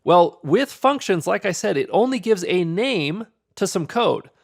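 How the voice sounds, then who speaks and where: A man walks through a coding tutorial with easy, upbeat enthusiasm. His voice sits a bit high and has a gravelly, creaky edge. He talks it through conversationally, like a friendly instructor. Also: animated, measured pace. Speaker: programming instructor. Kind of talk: screen-recorded coding tutorial.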